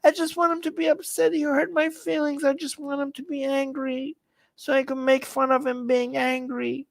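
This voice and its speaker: A man's voice: very high voice, flat delivery, moderate pace, gravelly, no room sound, voice pushed up. A man putting on a whiny offended male internet troll in a mocking, pleading voice.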